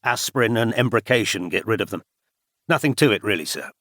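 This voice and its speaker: A man's voice: fairly low pitch, animated, brisk, fairly bright tone, no echo, studio quality. A man reading the part of a cool male secret agent who answers clipped and politely defensive.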